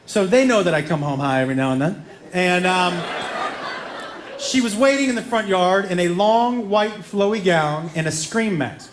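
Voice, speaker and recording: A middle-aged man doing stand-up, telling stories in an animated way, laughing and acting out quotes with loud yelps. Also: sits high, normal speed. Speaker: stand-up comedian. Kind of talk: stand-up storytelling. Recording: echoey venue with background noise.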